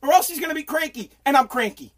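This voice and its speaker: Speaking at an extremely high pitch and a quick pace, this expressive livestream host is a middle-aged man from the United States. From his basement at home, he goes on a profane, exasperated, pleading rant during a casual stream.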